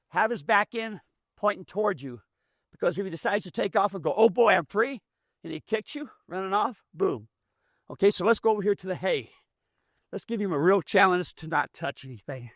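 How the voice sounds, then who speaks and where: A man's voice: sits high, bright, forceful tone, dry recording, studio quality. A man running a hands-on mule training demonstration outdoors, explaining in a folksy, plainspoken way as he works. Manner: folksy, explains as he works, drawling rural grammar.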